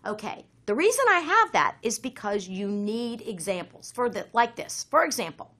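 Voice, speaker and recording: A woman's voice: medium pitch, very animated, moderate pace, few pauses, pushed and bright. A woman teaching essay writing in a recorded lesson, addressing students directly.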